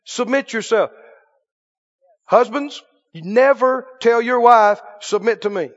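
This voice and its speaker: A man pastors his congregation in an emphatic preaching style, often pausing to ask if they are with him. His voice sits high for a man. The recording is dull and muffled, with a long church reverb trailing behind him. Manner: emphatic preaching with call-and-response questions. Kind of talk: sermon. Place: church sanctuary.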